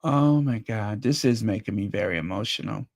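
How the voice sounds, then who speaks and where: Here a man hosting a channel reacts to video clips in a lowish, slightly mellow voice with vocal fry, speaking at normal speed. His commentary is casual, chatty and openly emotional, full of repetition, and his voice is getting a little strained.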